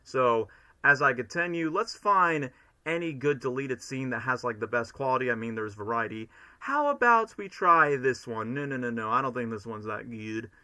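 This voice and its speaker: A young man from Florida chatting casually and excitably to his livestream chat, rambling from one thought to the next. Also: mid-range voice, normal speed. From Florida, United States. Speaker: streamer.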